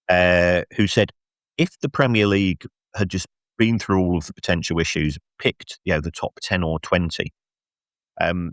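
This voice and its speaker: A middle-aged man, a football finance expert guest on a podcast, telling an animated story with lots of restarts and self-mocking laughs. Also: deep voice, dry recording, clean studio sound. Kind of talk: casual podcast anecdote and analysis.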